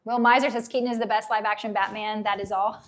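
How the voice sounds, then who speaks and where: A woman in her thirties, casually chatting on a live unboxing stream, reading viewer comments aloud with nostalgic enthusiasm, her voice getting a little hoarse. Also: mid-range voice, fairly even intonation, fast talker. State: losing her voice. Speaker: livestream host.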